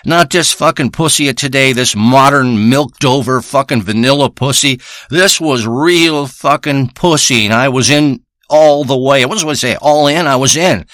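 A man's voice: mid-range voice, normal speed, hardly any pauses, a bit bright, dry recording, studio quality, lightly acted. A man playing a crude, rambling male treasure hunter who boasts and swears through a comic monologue. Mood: boastful. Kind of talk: improvised comic character monologue.

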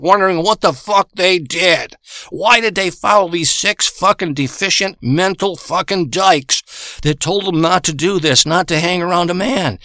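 Man, crude comedic rant, boastful and profane, tense bright voice, dry close sound. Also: high voice, no room sound.

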